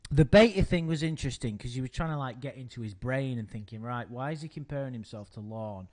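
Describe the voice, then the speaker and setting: A man co-hosting a loose, casual chat online. He talks with wry, crude humour and slips into mock-gruff rants. His voice sits in a middle pitch. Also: fast talker, darkish tone. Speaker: co-host.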